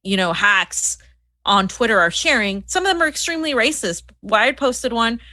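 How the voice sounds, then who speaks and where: Bright, heated woman co-host. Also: a little high, expressive, normal speed, no echo. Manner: heated, scornful, many restarts. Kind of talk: political commentary chat.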